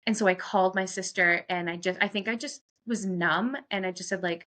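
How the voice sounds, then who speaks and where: Podcast guest, woman, bright clear voice, open and chatty, telling her own story with plenty of fillers. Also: medium pitch, a little fast. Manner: chatty, frequent "like" fillers, quotes herself. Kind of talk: candid personal storytelling.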